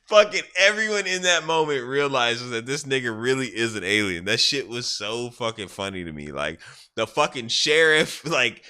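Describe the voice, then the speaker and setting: A man's voice: mid-range voice, animated, moderate pace, sharp tone, smooth. A man casually rambling on a livestream, swearing freely and laughing as he retells a scene. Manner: profane, rambling, laughs often. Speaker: gaming streamer.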